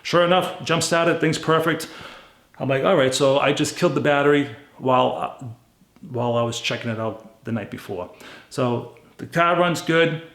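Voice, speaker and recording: Gravelly man telling a blunt story. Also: mid-range voice, moderate pace. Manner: blunt, animated retelling with quoted dialogue. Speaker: car flipper vlogger. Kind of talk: casual storytelling. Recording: roomy echo.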